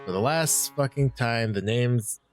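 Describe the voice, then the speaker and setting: A tough, fierce woman in a narrative game, her voice dropped low and gruff as she threatens, played by a man. She sounds hard and unafraid. Faint music plays behind her. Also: unhurried, close to an everyday voice. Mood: menacing.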